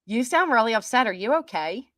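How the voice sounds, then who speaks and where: A middle-aged woman hosting a livestream, reading viewer comments aloud and answering them in a mocking, defiant way, quick to laugh. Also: a little high, very animated, fairly bright tone, no echo. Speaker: commentary channel host.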